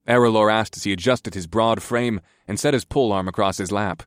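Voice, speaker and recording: Low-voiced male audiobook narrator. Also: brisk, hardly any pauses, no room sound, clean studio sound. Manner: steady, even storytelling. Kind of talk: first-person fantasy audiobook narration.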